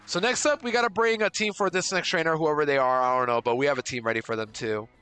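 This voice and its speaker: A man streaming a video game live, chatting with his viewers and swinging from panicked outbursts to relaxed chatter. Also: a little high, quick pace, clear, resonant tone. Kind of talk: live gameplay commentary. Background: faint game music.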